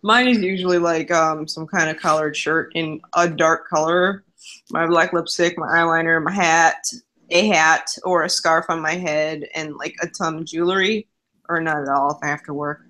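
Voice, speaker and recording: A woman's voice: low voice, steady tone, normal speed, bright, forceful tone. A woman from Chicago with a nasal Midwestern accent, chatting bluntly and casually as a livestream host. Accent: Midwestern American, Chicago. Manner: blunt, swears freely. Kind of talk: casual chat.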